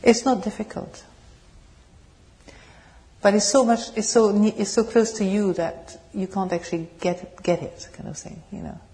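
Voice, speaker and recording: A woman with a French accent tinged with British English, giving a meditation talk and answering questions in a gentle, searching way. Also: mid-range voice, moderate pace. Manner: gentle, searching, laughs softly, asks the audience questions. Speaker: meditation teacher. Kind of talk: dharma talk with Q&A. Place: meditation hall.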